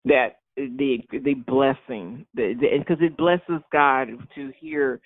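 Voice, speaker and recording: A man preaching an informal sermon in an animated, repetitive way, often acting out excited voices. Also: medium pitch, takes it slowly, dry recording. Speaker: pastor. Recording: tinny phone-like sound.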